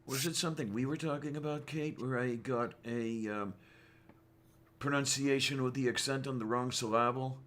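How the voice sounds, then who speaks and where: A man co-hosting a casual talk show, speaking with frequent pauses, ums and restarts. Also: medium pitch, steady tone, fairly bright tone, a little hiss or hum. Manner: hesitant, many ums and restarts. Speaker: podcast co-host. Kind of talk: casual chat.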